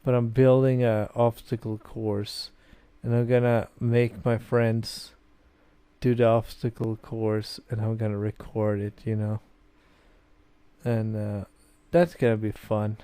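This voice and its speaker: This young man's voice is fairly low, mellow, clear and resonant, with little pitch movement and a slow pace, recorded without echo. A Swedish gaming video host tipsy from beer, he rambles casually with lots of fillers while playing and reading a visual novel aloud as let's play commentary.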